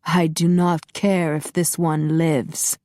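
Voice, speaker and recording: A woman voicing a cold, commanding masked male vampire overlord who speaks in a slow, muffled, measured way. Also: low-pitched, level tone, warm tone, no echo.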